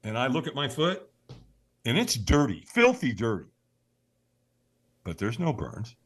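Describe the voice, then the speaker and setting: A man, a podcast guest, telling a personal story in an animated way, acting out the voices he quotes and sometimes shouting them. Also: medium pitch, unhurried, husky.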